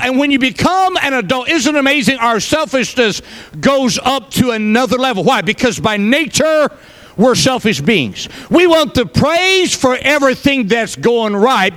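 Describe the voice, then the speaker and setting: A man's voice: very high-pitched, fairly bright tone. A male pastor preaching a sermon, folksy, with joking asides to the congregation.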